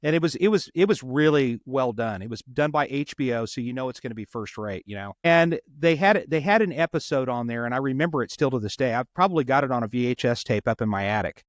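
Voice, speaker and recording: A man's voice: medium pitch, lively intonation, fast talker, hardly any pauses, no room sound. Earnest storytelling man, dry close sound. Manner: earnest, repeats words while retelling a story. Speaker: police officer. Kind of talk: conversational storytelling.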